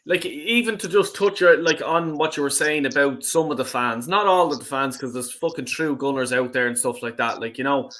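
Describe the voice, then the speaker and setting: A man's voice: mid-range voice, brisk, hardly any pauses, a bit bright. A man hosting a fan panel stream, talking heatedly and swearing, with frequent fillers. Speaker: host.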